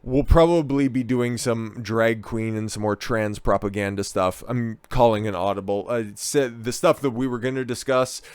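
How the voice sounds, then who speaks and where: Man, online commentary host, ranting, sarcastic, profane, smooth voice, dry close mic. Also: medium pitch, normal speed, few pauses, no echo.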